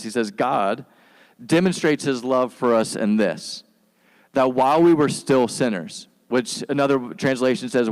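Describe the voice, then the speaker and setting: A male pastor preaching in a loose, conversational style, full of slang and asides. His voice sits at an ordinary pitch and carries a long reverb from a large hall. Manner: relaxed and slangy, acts out quick voices for biblical figures. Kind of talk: casual conversational sermon.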